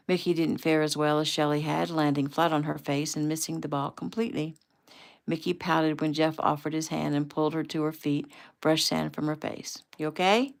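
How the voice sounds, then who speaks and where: Woman, author reading her novel, casual, conversational, low voice, gravelly, at home. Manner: relaxed, conversational.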